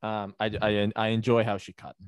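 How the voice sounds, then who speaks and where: A man chatting casually on a podcast, rambling and halting, with lots of "like"s. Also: fairly low pitch, little pitch movement, clean tone, dry recording, clean studio sound. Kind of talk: casual chat.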